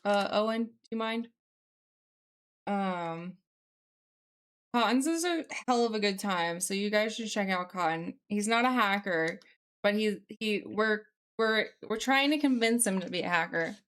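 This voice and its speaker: A young woman live streaming as she codes, reading chat aloud and thinking out loud with many fillers. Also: mid-range voice, lively intonation, unhurried, smooth. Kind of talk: casual live-stream chat while coding.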